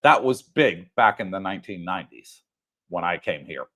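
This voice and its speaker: An older man's deep, expressive voice, pushed and bright, comes through at normal speed as he co-hosts a home livestream. The chat is casual and rambling, with fillers and lots of laughs.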